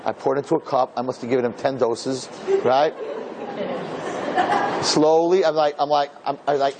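A man, a rabbi and teacher, telling a story live in an animated way, repeating phrases and acting out the dialogue. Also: medium pitch, normal speed, long pauses, a crowd in the background, noisy background.

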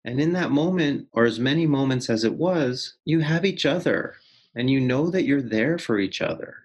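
A man who is a guest expert in an interview, reflective and unhurried, often stretching his words out. His voice sits at an ordinary pitch for a man, and he fills his pauses with casual fillers. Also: animated, a little mellow, slightly rough. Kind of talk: conversational interview.

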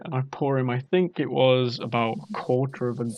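A man's voice: medium pitch, fairly even intonation, normal speed, a little mellow, slight background noise. A young British man casually telling a rambling, self-mocking party story. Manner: rambling, self-mocking, acts out drunk quotes.

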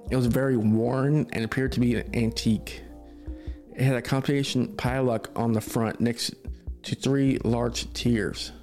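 A man's voice: medium pitch, a little mellow. A man narrating a spooky story for a podcast, reading steadily with small stumbles.

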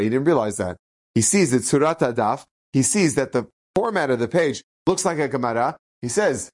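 A man, a rabbi, telling inspirational stories in a Torah talk, acting out the quoted speech. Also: on the high side. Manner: animated, acts out quoted speech.

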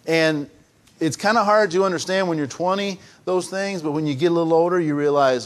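Older male pastor with a high voice, preaching, swinging from emphatic to hushed, restarts phrases. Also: brisk. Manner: swings between raised emphatic preaching and soft hushed confiding. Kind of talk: sermon.

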